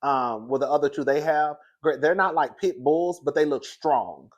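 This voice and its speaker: A man with a fairly high voice tells everyday stories straight to the camera. He is chatty and gossipy, often calls the listener "girl", and keeps the talk casual and personal. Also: normal speed, hardly any pauses. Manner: animated, high-pitched and loud when laughing through the story. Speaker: vlogger. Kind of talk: casual storytelling chat.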